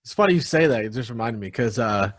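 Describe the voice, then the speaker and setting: Young male podcast co-host, mid pitch, laid-back and profane, dry close-mic sound. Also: expressive, fast talker, no echo. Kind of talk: casual chat.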